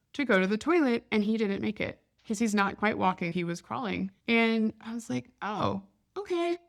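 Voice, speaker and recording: A woman in her thirties talks into a podcast mic in a relaxed, chatty storytelling manner. She sounds candid and down-to-earth, like she is telling a friend what happened. Her voice sits at a middle pitch. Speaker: podcast host. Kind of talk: casual storytelling monologue. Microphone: podcast microphone.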